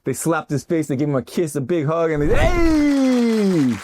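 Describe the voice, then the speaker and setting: A middle-aged man hosting his own art video, giving an animated, jokey motivational monologue that keeps rising into loud bursts. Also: a little high, fast, a little hiss or hum. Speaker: artist and video host. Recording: music bed under the voice.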